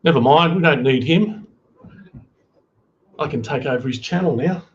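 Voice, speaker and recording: A man's voice: on the high side, moderate pace, lo-fi sound, a little hiss or hum. A man joining a livestream by call, joking and teasing the host in casual banter.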